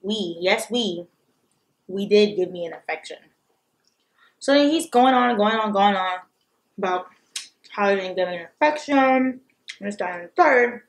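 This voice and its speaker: A young woman telling a story in a casual mukbang vlog, blunt and animated, with frequent swearing. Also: medium pitch, moderate pace, long pauses. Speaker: vlogger.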